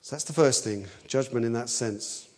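A man preaching an expository sermon in an earnest way, often repeating words as he thinks aloud and lifting his voice on quoted cries. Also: moderate pace. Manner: rises in pitch and force on quoted cries.

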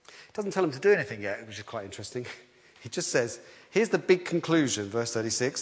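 A man preaching a sermon in a lively, conversational way, often restarting his sentences. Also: mid-range voice, fast. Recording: long hall reverb.

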